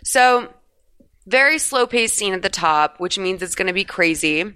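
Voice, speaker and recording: A woman co-hosting a podcast, recapping a film in casual, profane, animated chat. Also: mid-range voice, moderate pace, smooth. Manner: chatty, profane, animated storytelling.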